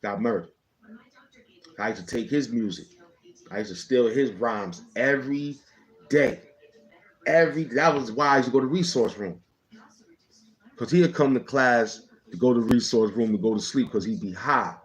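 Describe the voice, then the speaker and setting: A man's voice: medium pitch, moderate pace, long pauses, low-quality recording. A man casually telling a personal story in rambling street slang, often checking in with "you know what I'm saying".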